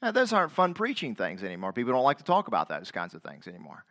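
A middle-aged male pastor preaching a sermon, asking the congregation direct questions, repeating phrases and rising to loud, emphatic scripture quotations. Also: low-pitched, huge pitch swings, quick pace.

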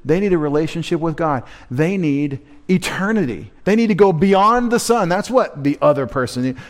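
A man's voice: on the high side, animated, moderate pace, hardly any pauses. A man preaching a midweek sermon as pastor, emphatic, asking rhetorical questions and quoting scripture.

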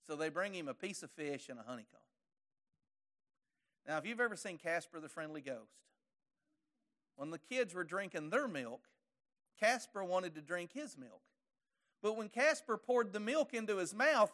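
A high-pitched man preaching a sermon. He tells the story in a homespun, folksy way, with his voice surging up loud and then sinking back low. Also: sing-song, normal speed. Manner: folksy storytelling, voice rising to forceful peaks and dropping low.

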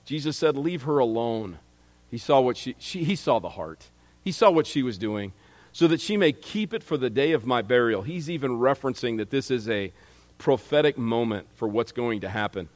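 A man's voice: medium pitch, expressive, normal speed. Male preacher, mid-range voice, conversational sermon delivery, echoing hall sound. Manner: conversational preaching, reads scripture aloud, frequent restarts.

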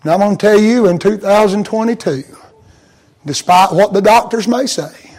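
A pastor preaching a sermon to his congregation, swinging from soft, intimate tones to high, chanted, fervent appeals. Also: moderate pace, low-quality recording.

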